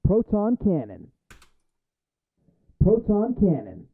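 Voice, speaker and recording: A man voicing an armored superhero who calls out a weapon name with enthusiasm, without yelling, his voice run through audio filters. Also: sits high, wildly swooping pitch, slow pace, gravelly, slightly rough, no echo, narrow, tinny audio, voice pushed up, full character voice. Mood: eager. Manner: enthusiastic callout, not yelled. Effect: heavy audio filtering and processing.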